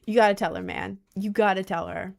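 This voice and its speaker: Woman, livestreamer, casual chat with viewers, excitable, gushy, playful, squeals up high. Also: fairly quick, gravelly. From United States. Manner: excitable, gushing, playful, with squealing jumps in pitch. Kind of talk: casual live-stream chat.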